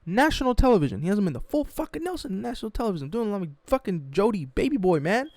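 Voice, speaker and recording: A man telling a sports story in a mocking, animated, profane way, as a sports YouTuber. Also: high-pitched, quick pace, no room sound.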